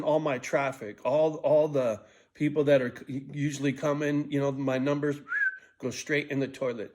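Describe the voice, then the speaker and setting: A man of sixty rambling through a profane vlog monologue, restarting and jumping between thoughts. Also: a little high. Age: 60s. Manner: restless, frequent restarts and stumbles. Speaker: vlogger.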